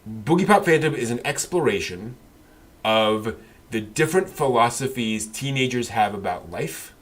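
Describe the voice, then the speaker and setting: A man's voice: medium pitch, expressive, normal speed. A man co-hosting a casual anime discussion, rambling with many fillers and restarts. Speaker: podcast co-host.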